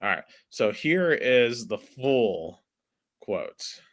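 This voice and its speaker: A man's voice: mid-range voice, very animated, very slow, a bit bright. A man hosting a casual sports podcast, chatty and filling his talk with "like". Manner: chatty, heavy use of "like". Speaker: podcast host.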